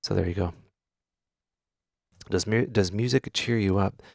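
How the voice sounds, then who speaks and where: A man's voice: sits low, unhurried, gravelly, a little mellow, no echo. A man hosting a casual live stream from his studio, talking candidly, swearing often and answering questions from chat. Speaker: music producer streamer. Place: home studio.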